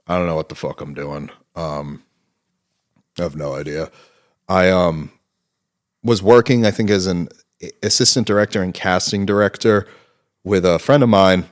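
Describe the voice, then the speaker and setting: A man's voice: sits low, normal speed, long pauses. A man in his thirties, a filmmaker guest in an interview, telling stories casually with lots of fillers and swearing. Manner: rambling, profane storytelling with many fillers.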